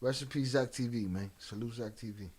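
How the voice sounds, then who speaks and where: A man's voice: mid-range voice, brisk, a little mellow, slightly rough. A man hosting a live reaction stream, talking bluntly and profanely and reading out donation messages. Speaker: host reacting to a video. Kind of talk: casual reaction chat.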